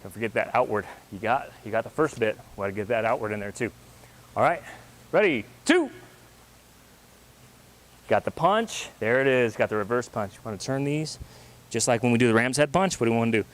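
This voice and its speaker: A man teaching a martial arts class, counting moves and giving brisk coaching cues. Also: medium pitch.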